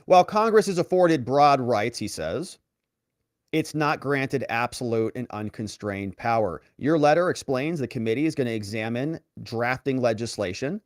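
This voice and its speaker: A male lawyer running a commentary show reads official letters aloud with animated, theatrical emphasis and cuts in with mocking asides. His pitch moves widely from line to line. The recording is dry and close, with no room sound. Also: moderate pace, no room sound. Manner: animated reading of quoted letters.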